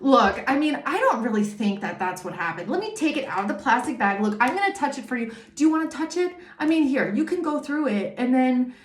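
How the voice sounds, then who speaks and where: A woman's voice: high-pitched, big pitch swings, fairly quick, few pauses, roomy sound. A woman voicing a careless police officer who brushes off a frightened caller. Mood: condescending. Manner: condescending, brushing off worries.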